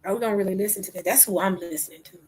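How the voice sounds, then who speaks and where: A woman giving impassioned religious commentary, asking rhetorical questions and dropping into whispers between loud outbursts. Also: medium pitch, very fast, slight background noise, rough recording. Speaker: online talk host.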